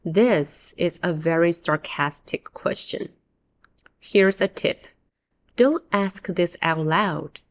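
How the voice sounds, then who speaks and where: A woman hosting an English-learning podcast, giving a scripted lesson in a clear, expressive way and acting out the example phrases. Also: on the low side, slow. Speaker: English teacher and podcast host.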